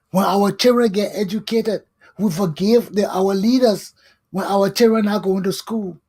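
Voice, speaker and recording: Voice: mid-range voice, a little mellow, slightly rough. A talk show host, delivering a fiery, scolding political monologue full of repetition. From Liberia.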